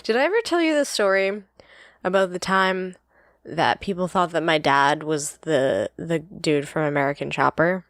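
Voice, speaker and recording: Podcast co-host, woman: low voice with gravel, chatty, self-correcting, in a dry room. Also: dry recording. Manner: chatty, quick to laugh, often stops to correct herself. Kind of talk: casual book-discussion chat.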